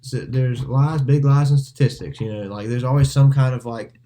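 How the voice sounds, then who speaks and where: A man's voice: medium pitch, normal speed, mellow. A man co-hosting a casual podcast chat, rambling and correcting himself as he steers the talk back on topic. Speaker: podcast co-host.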